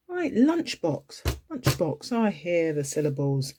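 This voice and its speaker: Teaching phonics from home, this early years teacher speaks in an exaggerated sing-song way and playfully fakes mistakes for the young children. Her low-pitched voice is very animated, warm, and slightly breathy, at a moderate pace.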